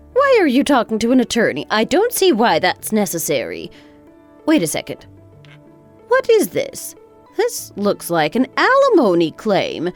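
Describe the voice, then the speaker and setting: A woman voicing a proud, touchy older mother-in-law in a texting-story drama, stammering and defensive. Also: mid-range voice. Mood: alarmed. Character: indignant older mother-in-law, proud, quick to take offense.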